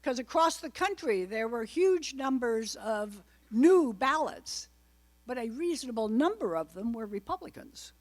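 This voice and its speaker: A woman's voice: a little high, big pitch swings, unhurried. A woman giving an informal political talk to a live audience, chatty and wry, full of asides. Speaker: guest speaker at a political club.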